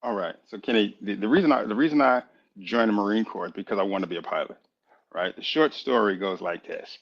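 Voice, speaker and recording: A man in his fifties from Boston, a military chaplain telling his story as a radio interview guest, lively and full of acted-out dialogue. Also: fairly low pitch, fairly quick, vocal fry. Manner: animated, lively storyteller who acts out dialogue. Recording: dull lo-fi radio audio.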